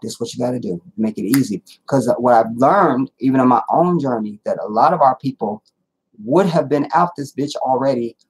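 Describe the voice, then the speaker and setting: Husky, blunt male livestream host. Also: medium pitch, normal speed. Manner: blunt, profane, animated storytelling. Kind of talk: casual livestream, reading chat comments.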